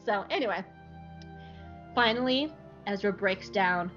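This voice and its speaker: A woman's voice: medium pitch, moderate pace, lo-fi sound, soft background music. A woman podcast host recapping an episode in casual, joking chat. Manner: animated, joking, irreverent.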